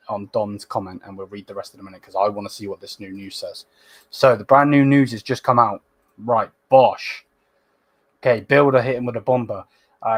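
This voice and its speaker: A man hosting a fan livestream, reading chat comments in a casual, slangy way and bursting into loud, sweary excitement. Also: medium pitch, dry recording. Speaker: fan channel host.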